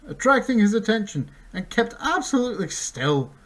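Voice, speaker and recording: A man voicing a bold, proud male centaur warrior who shouts his lines forcefully. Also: high voice, big pitch swings, moderate pace, pitched above the performer's own voice, heavily acted. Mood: admiring.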